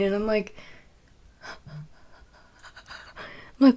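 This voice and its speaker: A woman's voice: lowish voice, unhurried, pauses often. A young woman telling a personal story in a casual, rambling way, full of fillers and self-corrections. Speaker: podcast host.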